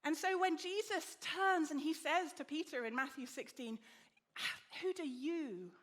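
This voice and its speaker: A woman preaching a sermon with lively storytelling, acting out the people she quotes. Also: high-pitched, normal speed. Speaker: guest preacher.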